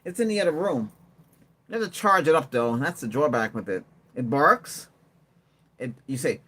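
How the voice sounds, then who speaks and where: A man's voice: medium pitch, sing-song, fairly quick, a bit bright, a little hiss or hum. A man hosting a tech livestream, chatting casually and rambling while he answers viewer comments and laughs often. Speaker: livestream host.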